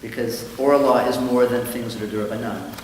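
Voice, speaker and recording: A man's voice: mid-range voice, steady tone, fairly quick, a little mellow, recorded from a distance. A man who is a rabbi, teaching a conversational Talmud class and acting out the quoted dialogue in his stories. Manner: thoughtful, acts out quoted dialogue with livelier voice. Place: synagogue study hall. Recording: very echoey hall, faint noise.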